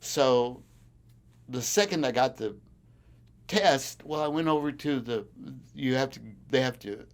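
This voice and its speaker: Man telling stories with animated voices. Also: medium pitch, unhurried. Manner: animated storyteller who acts out quoted voices; chuckles often while telling. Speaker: farmer interviewee. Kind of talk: oral history storytelling. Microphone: recorder on a desk.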